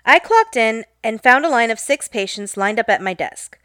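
A woman tells a workplace story in a sarcastic, joking way, her voice swinging up and down with animation. She sits a little high and sounds dry and close to the mic. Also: lively intonation, normal speed, a bit bright, dry recording. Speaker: storyteller and optical worker. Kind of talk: casual storytelling narration.

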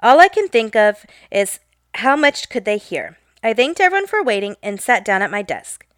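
A woman telling a comedic story from her job with wry, animated delivery. Her voice sits a bit high and moves lively up and down. The recording is dry and close. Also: moderate pace, no echo. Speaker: optician telling a work story.

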